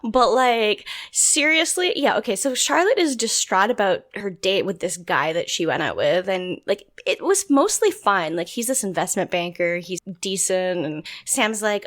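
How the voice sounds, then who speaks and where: Giggly animated woman co-host. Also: mid-range voice, moderate pace, hardly any pauses. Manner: giggly, animated, laughs often. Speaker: podcast co-host. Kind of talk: casual recap chat.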